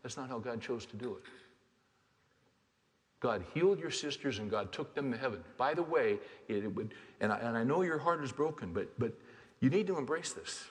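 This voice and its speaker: A man preaching a sermon as a pastor, dropping to quiet, hushed lines and then rising to loud, fervent exhortation. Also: mid-range voice, animated, normal speed. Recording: long hall reverb.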